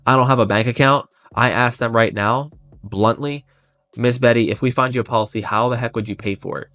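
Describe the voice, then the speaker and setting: A man's voice: medium pitch, fairly bright tone, dry recording. Blunt, intense male sales coach. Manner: blunt, intense, fast bursts. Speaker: life insurance sales trainer. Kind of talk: motivational sales coaching talk.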